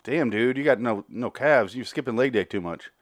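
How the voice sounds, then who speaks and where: A man's voice: medium pitch, lively intonation, moderate pace, no echo, clean studio sound. A man casually recapping a TV episode, rambling with crude jokes and acted-out quotes. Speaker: TV recap commentator.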